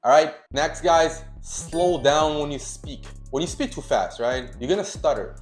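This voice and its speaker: A man's voice: fairly high pitch, unhurried, faint music behind. Emphatic man giving dating advice in an echoey room. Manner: emphatic, repeats key points, acts out example lines. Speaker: dating coach. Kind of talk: casual direct-to-camera advice.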